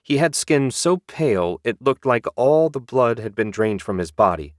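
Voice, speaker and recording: A man narrating a fantasy audiobook in a measured, even storytelling manner. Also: medium pitch, no echo, studio quality.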